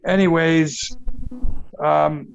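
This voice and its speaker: An older man from Canada tells rambling stories in an interview, swearing freely and acting out what others said. His voice sits a little high for a man. He talks at an unhurried, drawn-out pace. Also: gravelly, dull audio, soft background music. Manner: profane, animated, acts out quotes with laughs. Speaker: guest musician. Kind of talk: casual storytelling interview.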